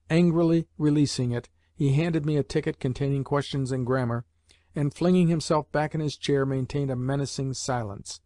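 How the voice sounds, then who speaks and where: A man reads a classic novel aloud as an audiobook, his scripted narration following a measured storytelling style. His mid-range voice is a little mellow, captured in clean studio sound with no room noise.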